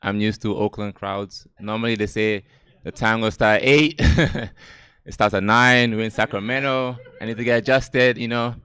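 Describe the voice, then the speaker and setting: A man's voice: lowish voice, steady tone, moderate pace, pushed and bright, clean tone, no room sound. A man from Gambia with a Gambian accent doing a loose, profane stand-up set on an outdoor stage, laughing at his own jokes. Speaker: stand-up comedian. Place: outdoor stage under string lights.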